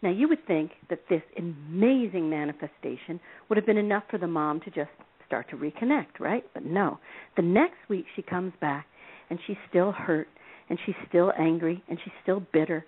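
A woman telling stories as a guest on a call-in show, lively and expressive, acting out the people in her stories and laughing often. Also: on the low side, normal speed, breathy edge. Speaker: relationship advice author, guest. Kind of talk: animated storytelling on a call-in radio show. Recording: phone-line sound.

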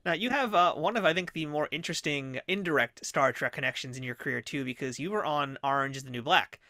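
A man's voice: fairly high pitch, quick pace, pushed and bright, no echo, clean studio sound. An American man hosting a podcast interview, asking questions in an enthusiastic, chatty way. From United States. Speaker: podcast host. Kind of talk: casual interview conversation.

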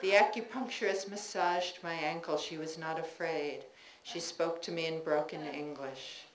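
Lower-voiced woman reading a memoir aloud. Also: a little slow. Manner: wry, expressive storytelling with warm laughter. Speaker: writer reading her work. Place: bookstore reading, indoors. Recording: roomy bookstore with faint noise.

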